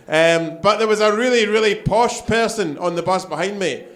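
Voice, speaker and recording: A man hosting a live stand-up night, chatty and loud, laughing along with his own jokes. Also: high voice. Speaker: host. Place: live comedy bar crowd.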